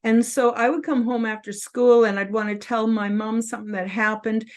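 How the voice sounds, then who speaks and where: A woman in her fifties hosting her own show, telling a personal story to camera in an earnest, openly emotional way, tearful and halting with restarts. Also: fairly high pitch, fairly even intonation. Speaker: host.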